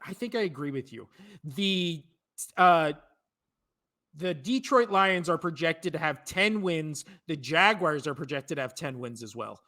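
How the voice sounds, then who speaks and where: A young man co-hosting a podcast in casual chat, talking fast, swearing freely and laughing often. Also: fairly high pitch, lively intonation, sharp tone. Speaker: podcast co-host.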